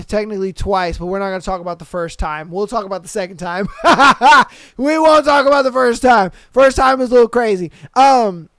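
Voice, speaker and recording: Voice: medium pitch, clear, resonant tone, dry recording. A podcast host telling a story in casual, slangy, profane speech, repeating phrases for emphasis and acting out what people said. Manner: animated, profane, acts out quoted lines.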